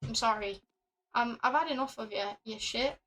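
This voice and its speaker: Her voice is on the high side and moves at a moderate pace as this young woman plays a puzzle game on stream, reading the game's text and cursing in frustration. She breaks off into loud laughing rants, exasperated and profane, throughout the casual live commentary. Audio quality is poor.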